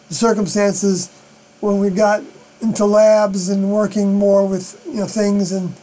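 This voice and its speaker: Man, high voice, rambling solo live-stream talk, halting with fillers, mains hum under it. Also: darkish tone, poor audio. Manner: halting, many fillers and unfinished sentences.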